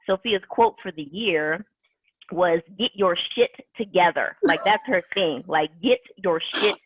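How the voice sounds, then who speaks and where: A woman's voice: on the low side, measured pace, breathy edge, dry recording. A woman closing a team conference call with enthusiastic, rambling motivational talk, full of fillers. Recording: tinny conference call line.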